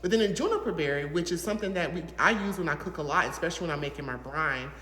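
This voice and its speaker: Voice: mid-range voice, racing, bright, forceful tone. Gushing reviewer in an echoey room. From Southern United States. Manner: gushing, enthusiastic, chatty with many fillers. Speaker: fragrance reviewer, channel host. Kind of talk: casual to-camera product review. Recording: echoey room with long reverb.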